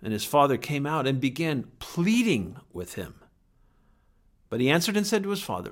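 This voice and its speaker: A man preaching a sermon in an earnest, emphatic way, with dramatic pauses and some words dropped almost to a whisper. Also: mid-range voice, big pitch swings. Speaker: pastor.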